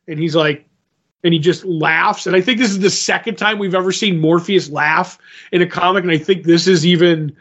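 A podcast co-host, a man with a somewhat high-pitched voice, talks through a comic book plot in a loose, rambling way. He keeps slipping into the characters' lines with "he's like" and "she's like." The recording sounds dull and lo-fi. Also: steady tone, moderate pace, fairly bright tone. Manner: rambling retelling, acts out quotes with "he's like". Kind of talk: casual comic book recap.

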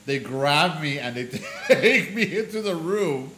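A man tells stories in a casual chat, jumping into voices whenever he quotes someone. His tone is bright and forceful. The room is echoey. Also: on the high side, takes it slowly, slight background noise. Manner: animated storyteller who acts out quoted voices. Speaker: podcast co-host.

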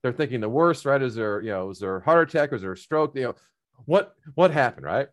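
Fast-talking middle-aged man telling a story. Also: medium pitch, animated. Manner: rambling, many fillers and restarts. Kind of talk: casual storytelling.

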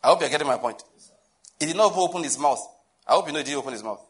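Speaking rapid-fire in an expressive, slightly high male voice, a Nigerian pastor delivers a humorous, conversational sermon. Questions to the congregation come up frequently.

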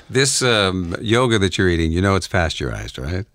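A man's voice: sits low, fairly bright tone, no echo, studio quality. A man co-hosting a podcast, wry and teasing, sometimes reading aloud with mock gravity. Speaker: podcast co-host. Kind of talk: casual chat.

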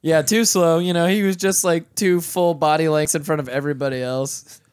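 A man's voice: fairly high pitch, steady tone, normal speed, smooth, no room sound, clean studio sound. A man co-hosting a podcast, giving wry, profane commentary in casual banter. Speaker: podcast co-host.

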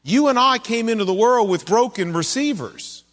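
A man's voice: extremely high pitch, lively intonation, normal speed, a bit bright, long reverb tail. A man preaching a sermon in a conversational way, asking his listeners questions as he goes. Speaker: pastor.

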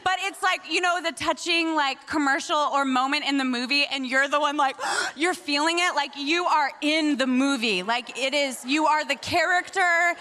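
Bright, high-voiced woman preacher. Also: moderate pace, hardly any pauses. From Washington State, US. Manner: expressive, emotional, chatty. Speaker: guest speaker at a church. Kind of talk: prayer and sermon talk. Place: church service.

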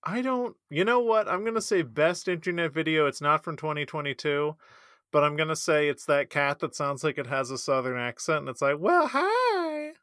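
A man's voice: a little high, steady tone, brisk, fairly bright tone, no echo, studio quality. A man co-hosting a podcast in casual chat, joking and teasing. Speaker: podcast co-host.

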